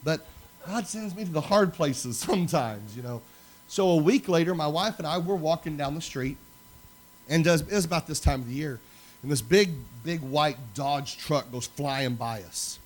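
A man preaching a sermon, telling personal stories in an animated way that swings from loud to hushed. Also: a little high, moderate pace. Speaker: pastor.

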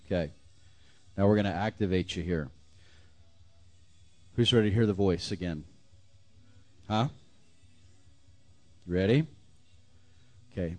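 A man with a deep, low voice preaches at an unhurried pace, leading a church congregation in prayer. He is fervent and calls out lines for the people to repeat back. At times his voice sinks to a hush. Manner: fervent, leads call-and-response prayers, drops to whispers. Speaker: pastor.

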